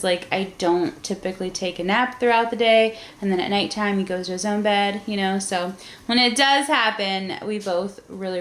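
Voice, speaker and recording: A tired young mother chatting casually in a home vlog, soft-spoken, with lots of fillers and little laughs. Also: medium pitch. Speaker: family vlogger, mother. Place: bedroom at home. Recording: roomy room, faint noise.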